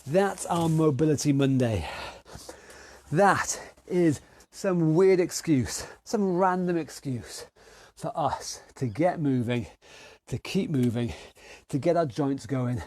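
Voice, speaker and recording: A British fitness instructor with a stuffy nose leads an online exercise class, upbeat and encouraging as he counts down the reps in each round. His voice is a little high and a little mellow, expressive, and he takes things slowly.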